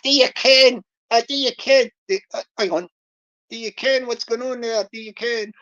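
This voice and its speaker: A man's voice: very high-pitched, moderate pace, fairly bright tone. A streamer voicing an earnest man with a Fife Scots accent who uses Scots words, heard on a dull lo-fi recording.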